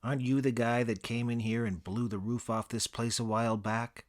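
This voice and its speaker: A man voicing a blunt older male comedy club manager with a gruff, clipped way of talking. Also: mid-range voice, level tone, normal speed, close to an everyday voice.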